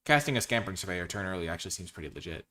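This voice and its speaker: A man's voice: sits low, animated, racing, bright, forceful tone. A man giving casual commentary as he drafts cards, thinking aloud and weighing his choices. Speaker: card game streamer.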